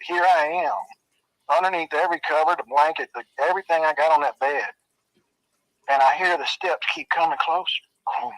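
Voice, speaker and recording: A man's voice: fairly high pitch, a bit bright, dry recording, rough recording. A man telling a spooky childhood story in a casual, drawling way, swearing and making sound effects. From Arkansas.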